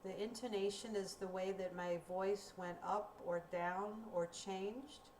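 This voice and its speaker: Slow, deliberate woman teacher. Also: medium pitch, fairly even intonation, a little mellow. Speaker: ESL teacher. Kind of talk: recorded grammar lesson. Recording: roomy, distant mic with faint room noise.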